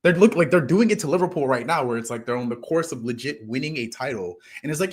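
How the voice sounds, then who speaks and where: A man's voice: mid-range voice, fairly quick. Rambling American man in casual chat. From United States. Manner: rambling, restarts phrases, lively swings in loudness.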